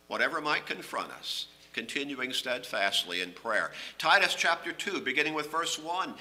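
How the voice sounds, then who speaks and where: Bright-voiced man preaching a sermon. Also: animated, normal speed, few pauses. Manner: earnest, emphatic, rising on key phrases and dropping low at ends.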